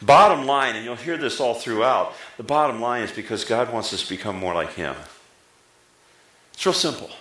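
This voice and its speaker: A middle-aged man preaching a sermon as pastor, lively, often rising in pitch for emphasis and drawing answers from the congregation. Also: moderate pace, roomy sound, rough recording. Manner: lively, pitch jumping up for emphasis, talks back and forth with the congregation.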